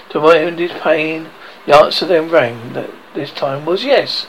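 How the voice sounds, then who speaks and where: A man narrating an audiobook in an expressive way, now and then stumbling and rereading words. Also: fairly high pitch, a little slow, a little hiss or hum, poor audio. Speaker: reader.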